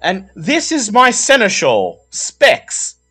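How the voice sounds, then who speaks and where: A man's voice: high-pitched, wildly swooping pitch, slow, sharp tone, husky, faint music behind, voice pushed up, exaggerated voice. A man voicing a jovial, pompous male vampire prince, speaking in a grand, theatrical way.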